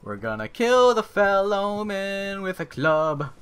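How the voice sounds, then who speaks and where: A young man giving crude, excitable commentary while playing a video game, swinging from mutters to yells. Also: high-pitched, slow, few pauses, clear, resonant tone. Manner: crude joking. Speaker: gaming YouTuber. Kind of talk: Let's Play commentary.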